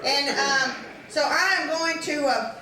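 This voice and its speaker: A woman's voice: high-pitched, measured pace, sharp tone. Middle-aged Texan woman ranting on stage. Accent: Texas. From Texas. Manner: incredulous, ranting, laughing delivery. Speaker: stand-up comedian. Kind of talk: stand-up comedy routine. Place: large room with a live audience. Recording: echoey room, distant mic, audience noise.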